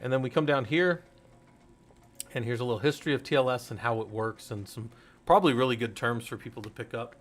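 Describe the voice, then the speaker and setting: Middle-aged man, host, casual livestream teaching, rambling, self-interrupting, mid pitch. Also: fast. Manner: rambling, self-interrupting, laughs at own jokes.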